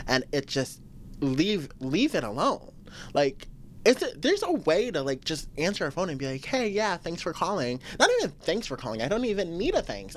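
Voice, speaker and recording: A woman's voice: low-pitched, slight background noise. A woman hosting a podcast on her own, venting in a blunt, profane, emphatic way. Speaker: podcast host. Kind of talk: casual solo podcast venting.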